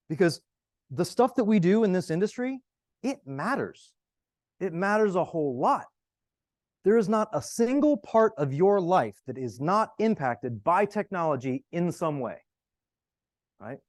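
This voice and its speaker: A man speaks from a conference stage, his voice sitting a little high and swinging widely as he works through a story. He talks conversationally and keeps checking in with the audience with quick "right?" and "okay?" tags. The sound is dry and close, with little room around it. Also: no room sound. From United States. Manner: animated, conversational, frequent "right?" and "okay?" asides. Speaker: conference presenter.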